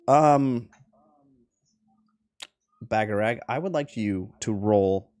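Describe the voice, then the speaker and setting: A man running a tabletop game, narrating scenes slowly for suspense and laughing between lines. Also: lowish voice, darkish tone, dry recording. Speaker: game master.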